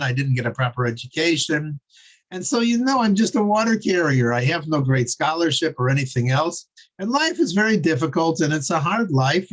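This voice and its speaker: A man voicing a poor, uneducated male water carrier who speaks humbly and apologetically in a somewhat high voice. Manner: humble, pleading, self-deprecating.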